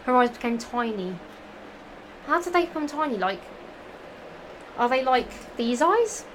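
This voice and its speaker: Woman fan fiction reader, giggly and profane, fairly high voice, noisy home mic. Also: lively intonation, a little slow. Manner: giggly, profane, rambling asides. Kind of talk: reading fan fiction aloud with commentary.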